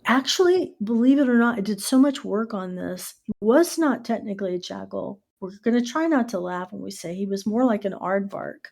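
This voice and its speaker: A middle-aged American woman hosting a casual podcast, telling stories with lively asides and spelling out words letter by letter. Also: medium pitch, moderate pace, gravelly, few pauses. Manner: animated storyteller who spells out words letter by letter. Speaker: podcast host.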